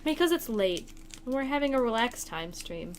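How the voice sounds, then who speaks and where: A woman's voice: a little high, big pitch swings, normal speed, a little hiss or hum. A young woman streaming a video game late at night, chatting casually with a playful, self-deprecating manner.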